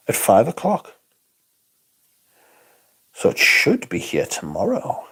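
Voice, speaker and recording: A man's voice: medium pitch, very animated, takes it slowly, pauses often. A man hosting a livestream, chatting casually, reading out comments and swearing in exasperated asides. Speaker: livestream host.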